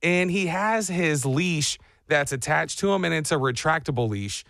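A male radio host with a lively, swooping voice that sits a bit high. He chats in a casual, jokey way, and the studio sound is close and dry. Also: moderate pace, dry recording. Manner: animated, jokey, acts out voices for dogs and himself. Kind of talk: casual morning radio banter.

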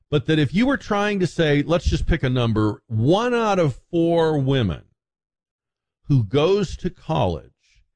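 A man's voice: a little high, darkish tone. A man hosting a talk radio show, delivering an opinionated, sarcastic monologue with frequent restarts.

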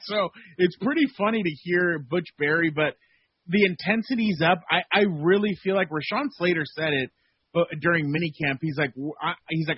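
Husky man on a dull guest line. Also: a little high, normal speed. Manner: rambling and animated, with many fillers and restarts. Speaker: sports beat reporter and radio guest. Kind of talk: phone-in radio interview.

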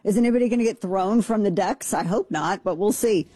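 Brisk, high-pitched and a little rough, this talk radio host's voice has a dark tone and no room sound around it. He riffs casually on a video, cracking incredulous jokes and rambling through false starts.

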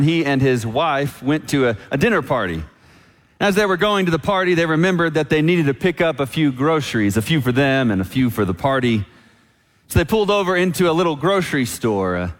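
A man preaching a sermon as pastor, telling a story and slowing down on key lines. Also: on the high side. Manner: storytelling, slows down for emphasis. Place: church sanctuary. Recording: long church reverb.

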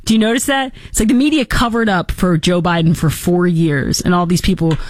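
A woman hosting a political commentary show, talking in a sarcastic, mocking and animated way. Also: fairly low pitch, a little fast, dry recording, clean studio sound.

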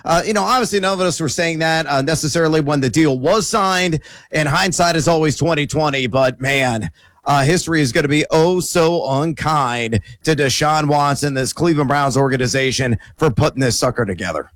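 A man's voice: fairly high pitch, a little fast, a bit bright, dry recording, studio quality. A man co-hosting a sports radio show, giving emphatic opinions. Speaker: co-host.

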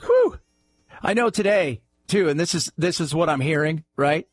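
A man's voice: on the high side, moderate pace, no room sound, soft background music. A man hosting a talk radio show, delivering a sarcastic, mocking monologue.

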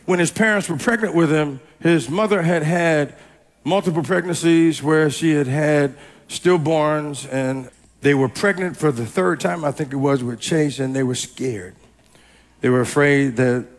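A man preaching a storytelling sermon, animated and repetitive, often rising to a shout. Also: a little high.

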